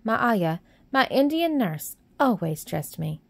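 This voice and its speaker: A woman's voice: on the high side, very animated, unhurried, vocal fry, no room sound, voice pushed up, heavily acted. A woman voicing a haughty, spoiled little rich girl who talks coldly and demandingly.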